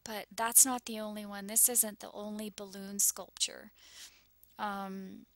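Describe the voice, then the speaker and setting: A woman's voice: mid-range voice, level tone, unhurried, no echo. A woman vlogging anxiously over a map, shaken and close to tears, often dropping into whispers. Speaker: YouTuber sharing visions.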